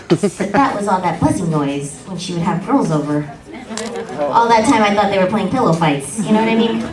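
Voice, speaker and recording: A woman from the Philippines with a high, squeaky voice, doing a bawdy, playful stand-up set on a comedy club stage. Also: distant mic. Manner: bawdy, playful, crowd-teasing. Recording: echoey club recorded from afar, crowd laughter.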